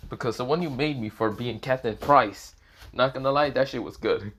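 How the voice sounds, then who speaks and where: A man's voice: medium pitch, moderate pace, fairly bright tone, a little hiss or hum, natural voice. Guy doing a cussing young student, blunt and annoyed, talks in a pretty average voice. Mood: exasperated. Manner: swears constantly, blunt and annoyed. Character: brash foul-mouthed young male student Issei.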